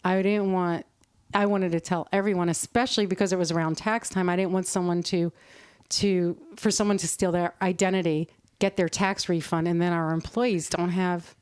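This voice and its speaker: A middle-aged woman, a podcast guest, telling a work story in a lively, animated way and laughing often. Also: fairly low pitch, normal speed, clean tone, dry recording, studio quality. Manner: animated, acts out quoted voices, laughs often. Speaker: podcast guest, nonprofit CEO. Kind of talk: conversational storytelling.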